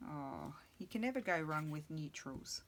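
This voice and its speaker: A woman's voice: sits low, lively intonation, measured pace, gravelly, a bit bright, slight background noise. A middle-aged woman chatting casually and rambling to herself while she crafts at her table. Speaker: crafting video host.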